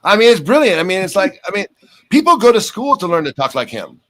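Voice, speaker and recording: A man's voice: high voice, big pitch swings, fast, rough recording. A man hosting a live stream, chatting casually in an effusive, repetitive way. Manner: effusive, repetitive, warm-hearted. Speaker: stream host. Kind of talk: casual chat.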